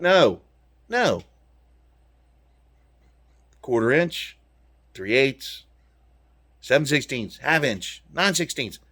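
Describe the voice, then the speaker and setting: A man's voice: mid-range voice, sing-song, very slow, long pauses, sharp tone. A man from the United States, ranting to his viewers in a heated, profane way from inside his truck. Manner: swearing, heated, punchy. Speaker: vlogger talking to his viewers. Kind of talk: profane angry rant.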